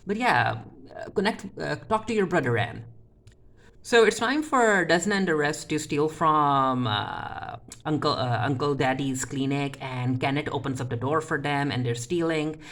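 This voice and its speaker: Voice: mid-range voice, moderate pace, a bit bright. A TV show reviewer giving a casual spoken episode recap, retelling scenes by loosely paraphrasing the characters' lines, with frequent restarts and filler words.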